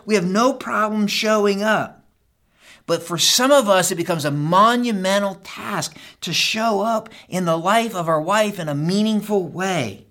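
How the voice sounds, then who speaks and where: A middle-aged pastor preaching a sermon, talking straight to the men in the congregation and swinging between loud urging and hushed asides. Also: male voice, high-pitched, moderate pace. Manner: talks straight to the men in the crowd.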